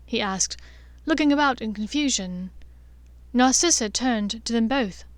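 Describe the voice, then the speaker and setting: A woman narrating a fan fiction audiobook in a clear, steady storytelling voice. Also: fairly high pitch, measured pace, dry recording.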